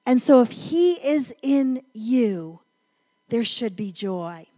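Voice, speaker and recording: A middle-aged woman from North Carolina giving a sermon, telling a family story in an animated, emphatic way. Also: a little high, slow pace. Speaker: women's ministry speaker.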